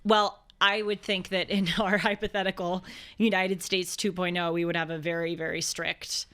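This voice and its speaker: A woman's voice: lowish voice, level tone, moderate pace, fairly bright tone, clear, resonant tone. A young woman, a guest on a political talk show, speaking in an earnest, outspoken way. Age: young adult.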